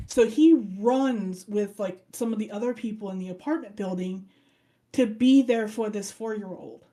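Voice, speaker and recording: Her voice is on the high side and her pace is moderate. She's a casual podcast co-host recounting an anime plot with gusto, playing out each character's dialogue like an animated storyteller.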